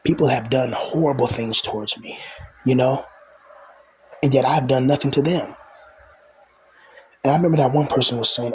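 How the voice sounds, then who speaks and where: A man's voice: medium pitch, fairly even intonation, a little fast, slight background noise, rough recording. A young man venting in a rambling casual monologue to camera, aggrieved, full of fillers and restarts. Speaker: vlogger.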